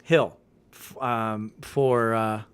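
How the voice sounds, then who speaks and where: A man hosting a casual podcast, ranting in an animated way with swearing and laughter. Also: lowish voice, very slow, smooth. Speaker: podcast host. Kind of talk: casual fantasy football podcast chat. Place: home in the mountains.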